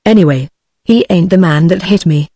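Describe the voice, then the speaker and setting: A text-to-speech British-accented woman voicing a frantic male bar owner in a story, in flat synthetic tones. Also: fairly low pitch, moderate pace, no echo, studio quality, natural voice. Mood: pleading. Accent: British English.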